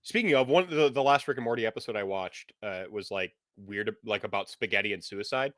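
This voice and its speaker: Man, game master, rambling chatty delivery, lowish voice, dry close sound. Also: a little fast, a bit bright, no room sound. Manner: rambling, tangential, many fillers. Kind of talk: casual chat and game narration.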